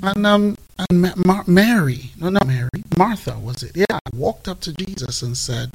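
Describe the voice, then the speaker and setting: Gravelly, husky man telling Bible stories. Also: sits high, normal speed, poor audio. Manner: animated storytelling with laughs. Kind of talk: casual faith discussion.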